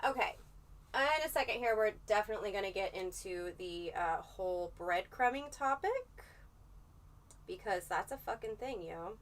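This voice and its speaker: A woman's voice: medium pitch, normal speed, distant mic, a little hiss or hum. A woman livestreaming in a casual chat, rambling and swearing freely as she tells her story. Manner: profane, rambling, animated storytelling.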